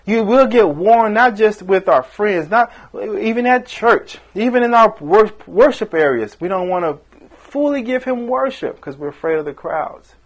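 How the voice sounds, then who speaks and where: Guy preaching a sermon, fired up, kinda high voice, goes big then drops quiet. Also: animated, moderate pace. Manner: impassioned, rising and falling emphasis with acted-out quotes.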